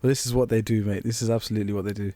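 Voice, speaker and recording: A man's voice: lowish voice, fairly even intonation, rapid-fire, mellow, dry recording. A young man co-hosting a podcast, telling a story in casual chat with swearing and bursts of laughter. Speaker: podcast co-host.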